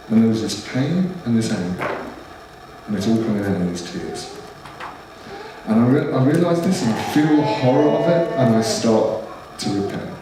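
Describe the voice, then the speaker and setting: Speaking in a lowish, animated voice at normal speed, a middle-aged man shares his testimony with a church congregation, pausing often as he tells his story with earnest emotion. The sound is noisy and distant, bouncing around a big echoey hall.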